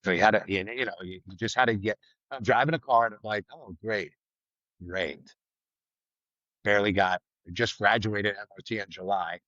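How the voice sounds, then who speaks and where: A man's voice: fairly low pitch, normal speed, no echo, dull audio. Blunt, storytelling man with a dry sound. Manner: vivid, blunt, acts out quoted lines loudly, swears. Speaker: retired state trooper guest. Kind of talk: casual storytelling in a podcast interview.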